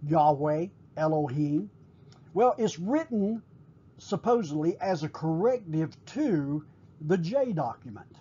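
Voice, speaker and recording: A man teaching a recorded class, explaining at a measured pace with frequent pauses and fillers. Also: fairly high pitch, animated, dark tone, slightly rough, dull audio.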